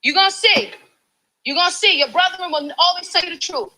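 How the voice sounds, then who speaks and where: Filmed on a handheld phone with poor audio, a woman activist argues heatedly with campaign volunteers on the street. She speaks fairly quickly in a very high, sharp voice, pleading passionately and preachily.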